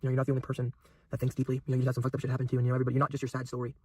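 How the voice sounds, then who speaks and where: Fast-talking intense young man preaching. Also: medium pitch, monotone, warm tone, slight background noise. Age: young adult. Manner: intense, preachy, repeats phrases for emphasis. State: emotional. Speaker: YouTuber. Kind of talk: emotional motivational monologue.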